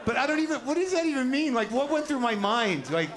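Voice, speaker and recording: A middle-aged man doing a stand-up set on a comedy club stage, ranting and mocking himself with lots of swearing and shouted punchlines. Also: very high-pitched, very animated, fast talker, noisy background. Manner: ranting, self-deprecating, profane, rising to shouts on punchlines. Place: comedy club stage before a live audience. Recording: live show with loud crowd laughter. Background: audience laughter.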